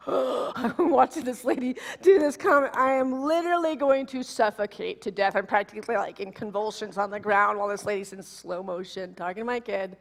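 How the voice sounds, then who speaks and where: A woman minister in her forties giving a sermon, telling a personal story in an animated, emotional way. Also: mid-range voice, brisk. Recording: long reverb of a large hall.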